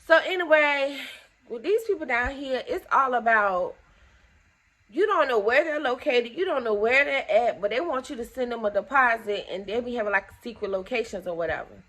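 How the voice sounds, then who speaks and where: Woman, young adult, casual storytelling vlog, indignant, animated, high-ish voice. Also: normal speed. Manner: animated, acts out both sides of conversations; indignant, exasperated. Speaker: vlogger telling a story time.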